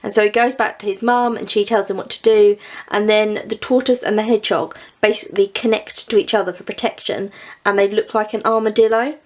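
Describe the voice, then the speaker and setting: A woman's voice: mid-range voice, fairly even intonation, brisk. Chatty, giggly woman reviewing books. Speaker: book vlogger. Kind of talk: casual book review.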